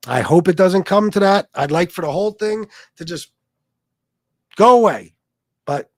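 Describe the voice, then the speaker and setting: A man with a high-sitting voice and lively intonation hosts a casual livestream at normal speed, telling stories and answering his chat. He talks bluntly and profanely, in studio quality with no room sound.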